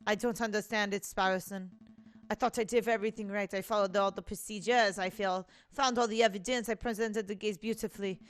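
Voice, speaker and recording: A woman's voice: mid-range voice, steady tone, fairly quick, soft background music, close to an everyday voice. A woman voicing a big male bird lawyer who is brooding and weary. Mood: gloomy.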